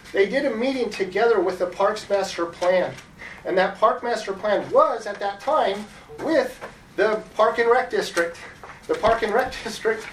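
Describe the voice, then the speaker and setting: A man's voice: high-pitched, recorded from a distance, a little hiss or hum. A man giving public comment at a city meeting, rambling and repeating words as he restarts his sentences. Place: council chamber. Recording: echoey chamber heard from off-mic.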